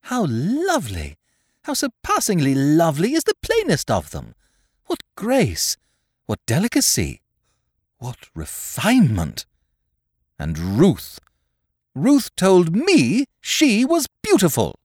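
A man voicing a naive young gentleman of twenty-one, formal, precise and stiffly polite. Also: high voice, huge pitch swings, slow, no echo, clean studio sound, pitched above the performer's own voice, exaggerated voice. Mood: astonished.

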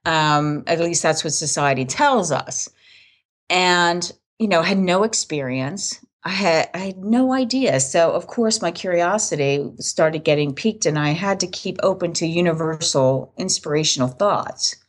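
Low-voiced woman in her fifties. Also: measured pace, low-quality recording. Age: 50s. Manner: candid, laughing, acts out dialogue. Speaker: podcast guest. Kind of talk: casual storytelling.

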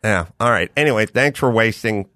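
A man's voice: on the low side, a little fast, pushed and bright, no room sound, clean studio sound. A man hosting a podcast, chatting casually and telling profane stories with acted-out quotes. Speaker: podcast host. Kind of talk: casual chat.

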